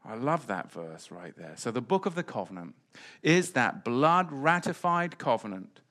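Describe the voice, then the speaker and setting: A man's voice: medium pitch, big pitch swings, moderate pace, fairly bright tone. Preacher, male, mid-range voice, emphatic Bible teaching with repeated phrases.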